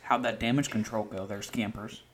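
A man's voice: lowish voice, steady tone, moderate pace. A man on a podcast who drops wry, teasing remarks into the chat. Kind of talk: casual chat.

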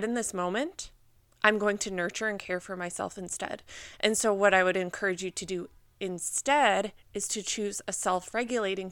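A woman's voice: medium pitch, a bit bright, clear, resonant tone, no room sound. A young woman hosting a podcast, giving casual advice in a chatty way full of "like" and acted-out worried thoughts. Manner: chatty, uses many "like"s, acts out anxious inner thoughts. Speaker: podcast host and business mentor.

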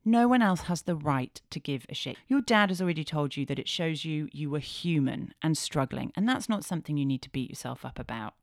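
A woman in her thirties hosts a candid podcast in a low voice. She swears freely and moves from hushed asides to animated bursts. The sound is close and dry. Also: fairly quick, few pauses, dry recording. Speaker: podcast host.

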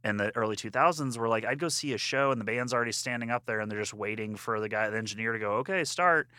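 A man hosting a podcast in casual chat, a lively storyteller who acts out what people said. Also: lowish voice, racing, no echo, studio quality.

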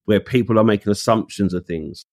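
A man's voice: fairly low pitch, brisk, darkish tone, dry recording, clean studio sound. A man, telling a story in casual conversation. He acts out the voices he quotes and uses street slang. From England. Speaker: guest.

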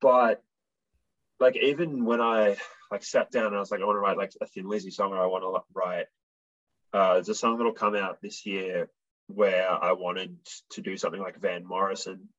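A man's voice: low-pitched, normal speed, highs cut off. A man with an Australian accent, a guitarist and songwriter chatting casually as an interview guest, blunt and swearing as he tells stories. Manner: blunt, swearing, animated storyteller. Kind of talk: casual chat.

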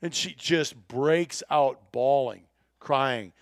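A man's voice: medium pitch, slow pace, no echo, clean studio sound. A man telling a hunting trip story in casual chat, acting out the people he quotes. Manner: animated storyteller, acts out quoted voices.

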